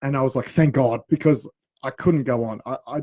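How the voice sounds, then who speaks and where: A man, a radio co-host in his thirties, telling an anecdote. He talks in a casual, animated way and laughs along at his own story. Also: medium pitch, fairly quick, no echo, studio quality.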